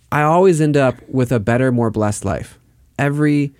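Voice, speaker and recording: A man's voice: mid-range voice, expressive, a little slow, a little mellow, dry recording, studio quality. A man co-hosting a conversational faith podcast, retelling a scripture story and reading verses aloud with rising animation. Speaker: podcast co-host.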